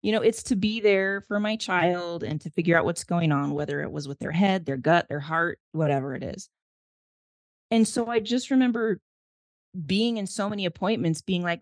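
A woman's voice: fairly low pitch, normal speed, dry recording. A woman in her thirties, a mother and podcast guest, telling her story in an earnest, reflective way. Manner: earnest, reflective, emotional retelling. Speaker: guest, mother of a child with special needs. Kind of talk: candid interview storytelling.

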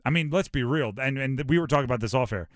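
A man from Hawaii hosting a sports talk show, animated and rhetorical, often acting out quotes. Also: medium pitch, fast, no echo, studio quality.

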